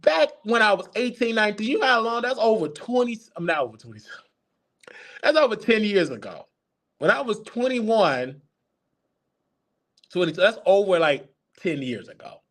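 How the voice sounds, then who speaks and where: This show host, a man in his thirties, opens up about his own life during a live Q&A. His voice is high with big pitch swings and a bit of brightness, and he moves at a moderate pace with long pauses.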